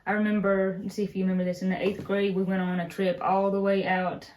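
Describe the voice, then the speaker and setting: A young woman with an Appalachian mountain accent talks in a relaxed, conversational way. She tells family stories as a co-host, taking her time and sounding easygoing. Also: mid-range voice, quick pace, slight background noise. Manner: storytelling, relaxed and chatty. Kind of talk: casual chat.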